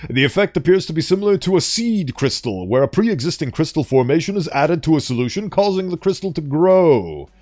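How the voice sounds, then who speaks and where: A man's voice: on the high side, expressive, fairly quick, hardly any pauses, a little mellow. A man streaming a casual reading of horror articles, breaking off into playful, joking asides. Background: faint background music.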